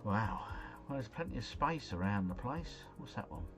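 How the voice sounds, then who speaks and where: A man with a fairly low voice gives running commentary on a game he is streaming live. He is chatty and excitable and keeps turning to his viewers. Faint music plays underneath. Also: normal speed. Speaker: gaming livestreamer.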